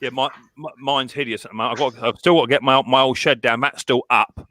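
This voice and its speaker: A man hosting a casual live stream chat, rambling and halting, with many restarts and fillers. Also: medium pitch, steady tone, bright, forceful tone, no echo, clean studio sound.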